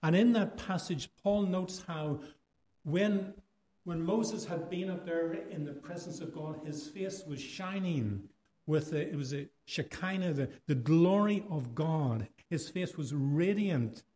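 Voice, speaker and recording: An Irish man delivers a sermon in a fairly high but mellow, warm voice. He talks to his congregation conversationally, posing rhetorical questions and letting his pace speed up and slow down. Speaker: preacher.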